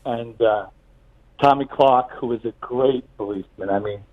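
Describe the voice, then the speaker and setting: Through narrow, tinny audio comes a mid-range male voice at a moderate pace: an older retired police officer from New City, New York City. He phones in to tell stories conversationally, repeating words as he talks.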